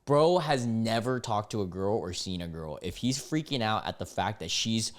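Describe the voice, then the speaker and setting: A man, reading chat screenshots aloud and mocking them in casual reaction commentary, often breaking into loud disbelief. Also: lowish voice, lively intonation, moderate pace. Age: 20s. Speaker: content creator reacting to screenshots.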